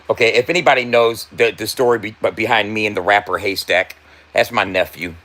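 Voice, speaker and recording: A man's voice: on the low side, steady tone, a little fast, bright, forceful tone. A man, a tattoo artist and rapper, telling a loose, profane story to his viewers, laughing often, repeating and stumbling over his words, stoned.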